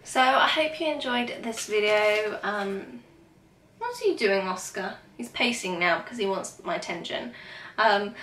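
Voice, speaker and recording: A woman's voice: mid-range voice, unhurried, bright, forceful tone. A young woman chatting casually to camera at home as a vlogger, rambling with lots of fillers. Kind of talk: casual vlog talk to camera. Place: at home, indoors. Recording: echoey room, mic at a distance.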